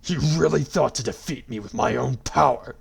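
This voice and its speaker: A man voicing a smug, scornful male god-dragon avatar with a loud, mocking, drawn-out delivery. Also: mid-range voice, creaky, slightly rough, pitched above the performer's own voice, exaggerated voice.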